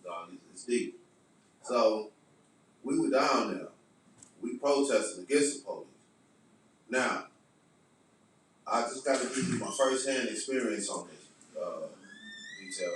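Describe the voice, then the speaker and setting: A man telling a story as a podcast guest, animated, emphatic and profane. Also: medium pitch, takes it slowly, pauses often, slight background noise. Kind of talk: casual storytelling. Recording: echoey room, distant mic.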